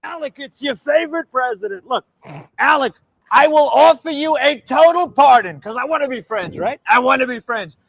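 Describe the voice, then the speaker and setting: This is a smug older president done by a young man who brags over and over. The voice sits very high with a gravelly edge. It is recorded close and dry. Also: expressive, normal speed, fairly bright tone, no room sound, heavily acted, poor audio. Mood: boastful. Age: young adult. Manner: repetitive boasting, stretched emphasis. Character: boastful older male president, brash and smug.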